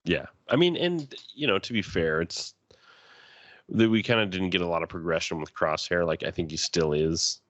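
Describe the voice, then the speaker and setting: Deep-voiced man, enthusiastic podcast chat. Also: animated, normal speed, a bit bright, no room sound. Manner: enthusiastic, jokey, jumps into high quoted voices. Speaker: podcast co-host. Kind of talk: casual chat.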